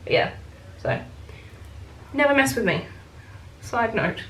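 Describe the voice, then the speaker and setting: A woman's voice: on the high side, big pitch swings, takes it slowly, fairly bright tone. A young woman vlogger telling a story while doing her makeup, chatty and blunt, swearing freely and mimicking others in quotes. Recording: echoey room, faint ambience.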